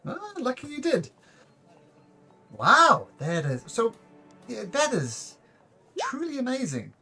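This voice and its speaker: A man's voice: takes it slowly, husky, soft background music, heavily acted. A man voicing a kindly, encouraging male minstrel in a tabletop game. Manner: kindly, flattering, high-pitched.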